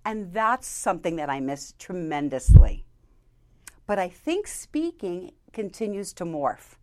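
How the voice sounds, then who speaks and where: A woman, a keynote speaker, giving interview advice in an animated, emphatic way. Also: a little slow. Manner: animated, emphatic delivery with lively pitch swings. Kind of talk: conversational interview, coaching tips.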